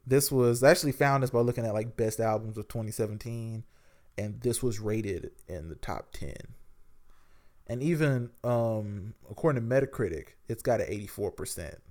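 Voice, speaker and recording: A man's voice: fairly low pitch, moderate pace, a little mellow. A man giving a casual, rambling spoken album review as a show host, full of fillers and restarts.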